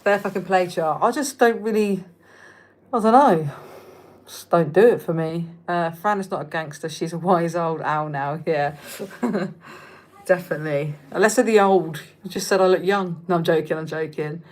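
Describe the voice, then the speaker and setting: A woman in her thirties with a southern English accent, talking casually to a livestream audience. She is frank and chatty, swears freely, and drifts off her thread now and then. Her voice sits a little low. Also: moderate pace, darkish tone. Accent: Reading, southern English. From England. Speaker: livestream host. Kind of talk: casual livestream chat reading viewer comments.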